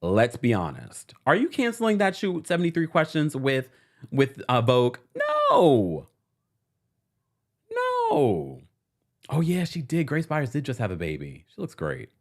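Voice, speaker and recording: A male host talking through a TV recap in a chatty, opinionated way. His pitch jumps around a lot, and he sounds playful and easy. He laughs often as he talks. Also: huge pitch swings, moderate pace. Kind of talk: casual pop culture recap.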